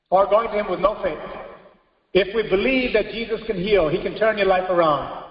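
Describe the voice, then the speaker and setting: High-voiced man preaching in an echoey hall. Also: brisk. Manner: emphatic preaching, exclaiming hallelujah. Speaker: pastor. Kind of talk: sermon. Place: church hall. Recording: echoey hall, dull lo-fi audio.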